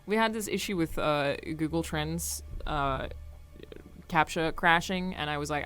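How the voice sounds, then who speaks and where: Low-voiced wry woman. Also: measured pace, a bit bright, soft background music. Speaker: co-host. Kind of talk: casual chat.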